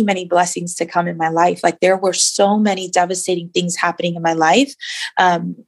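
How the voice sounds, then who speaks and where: A woman guest in an interview, sharing her personal faith story in an earnest, reflective way with many fillers. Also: fairly low pitch.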